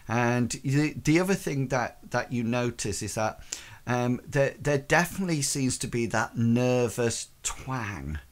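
A man narrating a tabletop game as game master, halting and full of ums and restarts. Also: medium pitch, animated.

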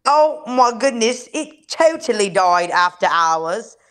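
A woman co-hosting a casual gossip podcast who laughs often and talks slowly. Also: on the high side, very animated, fairly bright tone. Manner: laughs often, slow and drawn out. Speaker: podcast co-host. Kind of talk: casual group chat.

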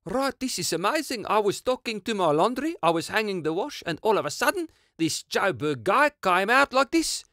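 Guy doing a chatty joburg man, attempted south african accent, kinda high, talking to his laundry. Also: sing-song, normal speed, hardly any pauses, pushed and bright, no room sound, studio quality, exaggerated voice. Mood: excited. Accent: attempted Johannesburg South African.

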